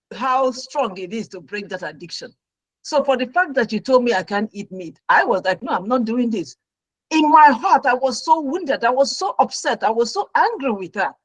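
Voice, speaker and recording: A middle-aged woman, a registered nurse, telling her own story as a talk show guest with lively, dramatic delivery. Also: a little high, no echo, low-quality recording. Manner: animated storyteller who acts out her own past reactions.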